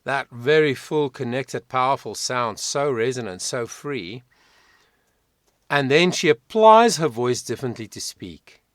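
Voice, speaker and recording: Lively, emphatic male vocal coach. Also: mid-range voice, measured pace, no echo, clean studio sound. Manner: reflective, emphatic, explanatory. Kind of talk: reaction video commentary.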